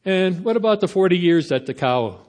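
A man's voice: high voice, expressive, moderate pace, darkish tone, voice pushed up. Man playing greedy haggling human, pleading, eager. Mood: bargaining. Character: weary male human bargaining with God.

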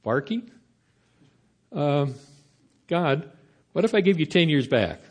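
A man's voice: a little high, big pitch swings, takes it slowly, a little mellow, breathy edge, full character voice. Man doing doubtful porch dog, hesitant, haggling. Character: reluctant porch dog bargaining with God.

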